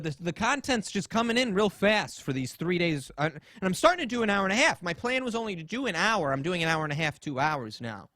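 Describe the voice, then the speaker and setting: A man's voice: fairly high pitch, pushed and bright, dry recording, studio quality. A man hosting a podcast, telling a story in casual, rambling chat, swearing and acting out quotes. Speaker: podcast host.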